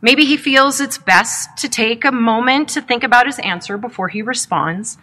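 A woman preaching a sermon in a reflective, measured storytelling manner, asking rhetorical questions. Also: on the high side, pushed and bright.

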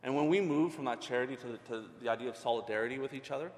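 Middle-aged man, earnest conversational preacher, mid-pitched, long hall reverb. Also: rapid-fire, darkish tone. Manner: earnest, conversational, many restarts. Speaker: ministry leader. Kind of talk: sermon.

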